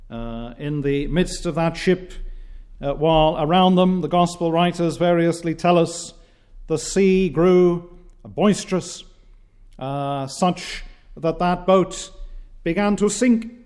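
Slow, deliberate male preacher. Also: fairly high pitch, a little mellow. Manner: measured, declamatory preaching with frequent "uh" pauses. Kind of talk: sermon.

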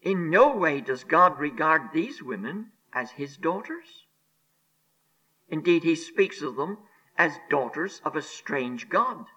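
A man preaching a sermon on scripture, emphatic and deliberate, repeating key phrases and sinking to a hushed near-whisper on solemn words. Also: fairly high pitch, poor audio. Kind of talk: expository sermon.

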